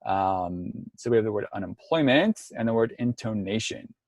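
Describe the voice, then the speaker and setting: A man's voice: fairly low pitch, expressive, moderate pace, a little mellow, no echo. A man presenting an online workshop, explaining step by step with frequent ums and restarts over a video call. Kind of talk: online lecture.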